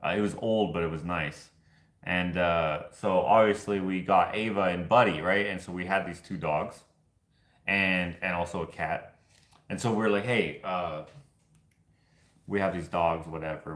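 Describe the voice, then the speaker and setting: A man's voice: sits low, a bit bright. Rambling, jokey man in an echoey room. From Canada. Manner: rambling, jokey, laughs at own stories. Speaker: show host. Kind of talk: casual chat.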